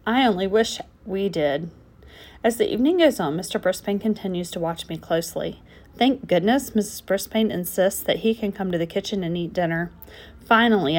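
A woman narrating a children's storybook aloud in the first person of a frog, with gentle, expressive storytelling. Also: medium pitch.

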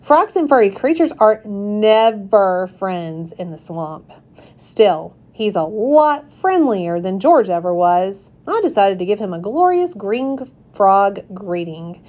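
A woman reading a children's chapter book aloud in a gentle storytelling manner. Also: medium pitch.

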